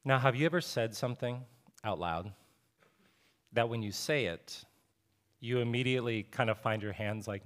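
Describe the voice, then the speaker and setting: A man in his thirties preaching a sermon as a pastor, telling a personal story in a relaxed, conversational way with self-deprecating humor. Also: medium pitch, normal speed. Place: church sanctuary.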